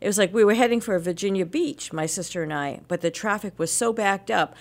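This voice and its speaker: A woman's voice: mid-range voice, a little fast. A middle-aged woman co-hosting a radio show, telling travel stories in a chatty way and laughing often. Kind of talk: casual morning radio chat.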